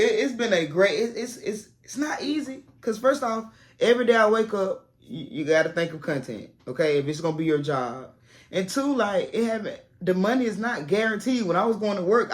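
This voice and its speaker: A down-home woman talking casually to her camera, a former teacher now making content full-time. She speaks in a plain, encouraging way, and her voice has a low, relaxed tone for a woman. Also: moderate pace. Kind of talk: casual advice vlog to camera. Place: home set made to look like a classroom.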